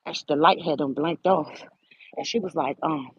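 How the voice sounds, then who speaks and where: Older woman, host, husky, dry close sound, animated preachy storytelling. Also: low voice, normal speed, no room sound. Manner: animated, preachy, addresses listeners directly. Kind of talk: casual spiritual storytelling. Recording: dull lo-fi audio.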